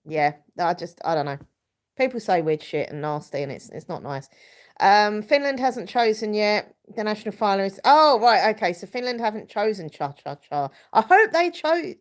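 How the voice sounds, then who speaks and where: A woman, chatting loosely on a live stream. She sounds stuffy and congested from a cold, and she rambles along while reading out viewers' comments. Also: mid-range voice. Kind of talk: casual live stream chat.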